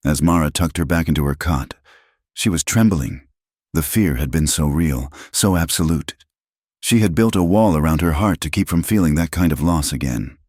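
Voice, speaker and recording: Very deep-voiced male storyteller. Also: a little mellow, no echo, clean studio sound. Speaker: narrator. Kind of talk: scripted narration.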